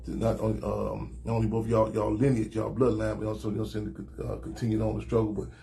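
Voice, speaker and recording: A man talking as a show guest, in rapid bursts with many restarts and filler phrases. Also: lowish voice, monotone, gravelly, mellow, slight background noise. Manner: rapid, repeats "you know what I'm saying", many restarts. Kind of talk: casual talk show chat.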